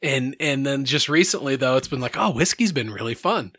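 A man chatting casually as host, relaxed and easygoing. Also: medium pitch, fairly quick, no room sound, clean studio sound. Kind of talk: casual chat.

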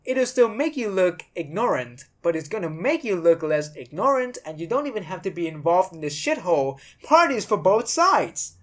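A woman's voice: lowish voice, sing-song, normal speed, hardly any pauses. A woman hosting a podcast, giving blunt, sarcastic commentary and swearing freely. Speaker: podcast host.

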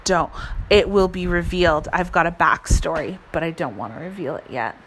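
A woman's voice: on the low side, very noisy. A woman casually reading aloud her own romance story, speaking the punctuation, then chatting as co-host. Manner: slow, dictating with spoken punctuation. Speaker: podcast co-host.

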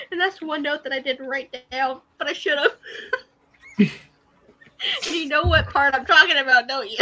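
A woman co-hosting a casual podcast, talking over a TV episode in an animated way, laughing often and repeating words. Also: high-pitched, unhurried, pauses often. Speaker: podcast co-host. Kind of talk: casual chat recapping a TV episode.

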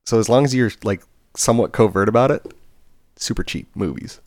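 A man's voice: lowish voice, a little fast, no room sound, clean studio sound. A man co-hosting a podcast in casual chat, telling work stories and acting out the people in them. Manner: animated storytelling, acting out quoted voices. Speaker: podcast co-host; bartender.

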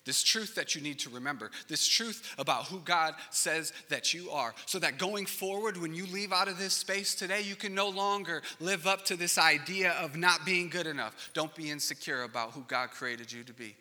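A man in his thirties preaches to a congregation with a bright, forceful voice that sits a little high for a man. He tells stories with animated, acted-out voices and moves between loud peaks and near-whispered passages. His words carry a long reverb from a large church hall. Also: moderate pace, few pauses. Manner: animated storytelling, acts out panicked voices, swings from loud to hushed. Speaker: pastor. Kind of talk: sermon.

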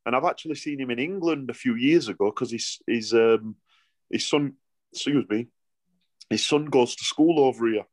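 A man's voice: mid-range voice, normal speed, no room sound. A middle-aged man with a Yorkshire accent, a boxer telling stories in a casual interview, rambling with lots of restarts and broad dialect.

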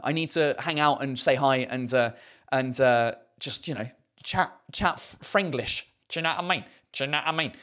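A man with a southern English accent, a stand-up comedian chatting casually and answering viewers' comments in a self-mocking way. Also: a little high. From England. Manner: chatty and self-mocking, many fillers and restarts.

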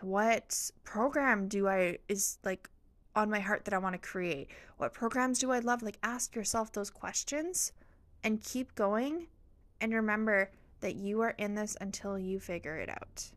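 Woman host, encouraging motivational podcast talk, mid pitch, dry close sound. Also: normal speed, a bit bright, no echo. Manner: encouraging, earnest, faith-infused.

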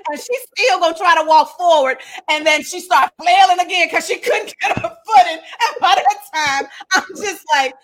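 A woman telling a funny family story in a casual, animated way, often laughing and acting out what people said. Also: very high voice. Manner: animated, laughing, acts out dialogue.

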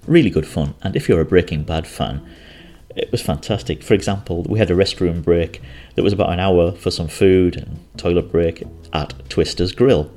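A man's voice: low voice, normal speed, mellow. A man casually recounting a trip in a rambling, chatty way, often correcting himself. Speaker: travel storyteller. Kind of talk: casual travel recollection.

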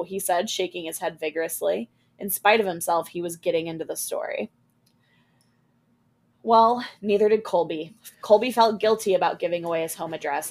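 A woman podcast host reading a scary story aloud, expressive, with small character voices. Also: lowish voice.

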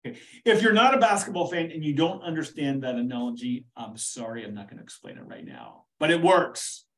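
Man, teacher, casual rambling monologue, fairly high voice, slightly distant from the mic. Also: fairly quick. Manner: animated, rambling, full of "right?" and "okay". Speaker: teacher hosting a history podcast.

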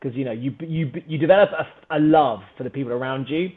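A man, a podcast guest, telling a story in a casual, animated, self-mocking way and laughing often. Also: medium pitch, quick pace. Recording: phone-like narrow band.

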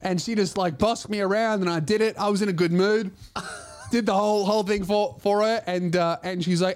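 A man's voice: sits high, steady tone, fairly quick. A man hosting a comedy podcast, telling rambling stories, swearing freely and teasing his co-host. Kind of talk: casual comedic chat.

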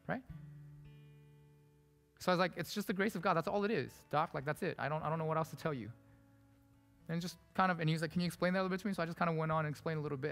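A man preaching a sermon as pastor, telling a personal story in an animated, conversational and emphatic way. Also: medium pitch. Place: church sanctuary. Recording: preached in a reverberant hall with soft guitar behind.

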